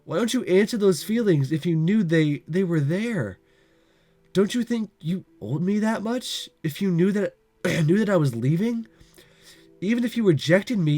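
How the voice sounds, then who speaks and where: A man's voice: high-pitched, darkish tone. Man voicing an upset teenage girl. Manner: pleading, rising to accusation. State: has a cold. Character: teenage girl, childhood friend, emotional and hurt. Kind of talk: visual novel voice reading.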